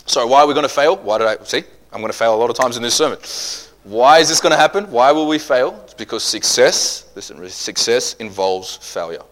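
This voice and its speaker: In this sermon, a man of medium pitch leans on storytelling and humor, shifting from loud bursts to whispered asides.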